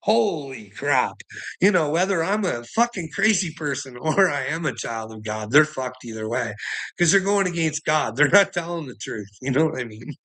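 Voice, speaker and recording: A man's voice: fairly high pitch, lively intonation, normal speed, fairly bright tone. A man giving a rambling livestream monologue, swearing constantly, laughing often and speaking emphatically.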